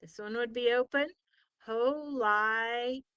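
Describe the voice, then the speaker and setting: A woman's voice: on the high side, lively intonation, slow pace, smooth, no echo, lo-fi sound. A woman tutoring a student in spelling, patiently sounding out words syllable by syllable and praising answers. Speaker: spelling teacher. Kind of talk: slow, patient tutoring lesson.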